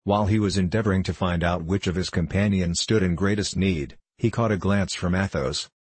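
Give me a man reading a classic novel, deep and husky. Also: a little fast, a little mellow, no echo. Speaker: narrator. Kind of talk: audiobook narration.

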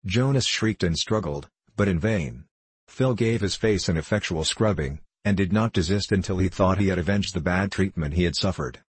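Low husky guy reading an old novel out loud, dry close mic. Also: normal speed, dry recording. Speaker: narrator. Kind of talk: audiobook narration.

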